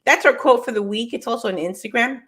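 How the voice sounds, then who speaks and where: A middle-aged woman hosting a morning show in energetic, casual chat, talking straight to viewers and her crew. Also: a little high, fast talker.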